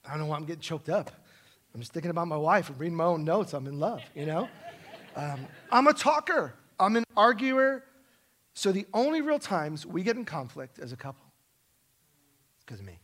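A middle-aged man preaching a sermon in a church, emphatic and self-deprecating, swinging from loud stresses to soft asides. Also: high voice, sing-song, normal speed. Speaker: pastor. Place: church sanctuary.

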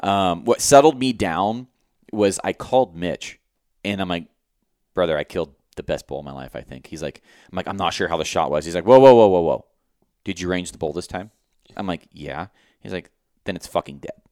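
A young man co-hosting a podcast, retelling a hunt in a rambling, animated way with lots of quoted dialogue and swearing. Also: deep voice, brisk, no echo, clean studio sound. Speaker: podcast co-host. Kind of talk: casual storytelling chat.

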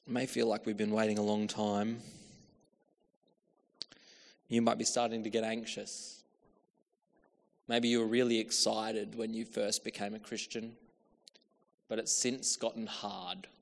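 Preacher in a reverberant hall. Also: male voice, lowish voice, level tone, unhurried, gravelly, long pauses. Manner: storytelling with acted-out quotes, shifts from hushed to calling out. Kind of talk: sermon.

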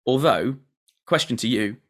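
A man's voice: medium pitch, animated, unhurried, fairly bright tone. A man hosting a podcast, recapping a TV episode in sweary, laughing casual chat. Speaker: podcast host.

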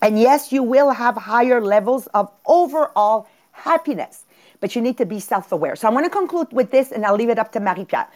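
A woman's voice: fairly high pitch, a little fast. A woman with a Quebec French accent, hosting a podcast and giving an emphatic motivational talk over a video call, repeating her points. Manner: animated, emphatic, repeats herself. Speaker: podcast host.

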